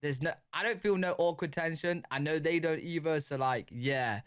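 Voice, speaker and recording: A man's voice: fairly high pitch, normal speed, a bit bright, smooth. A British man giving laid-back, slangy reaction commentary to a video. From United Kingdom.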